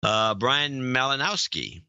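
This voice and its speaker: A man's voice: medium pitch, sing-song, takes it slowly, bright, forceful tone, clean tone, no echo, highs cut off. An older man co-hosting a podcast, chatting casually and reading out listener notes in a dry, offhand way. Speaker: podcast co-host.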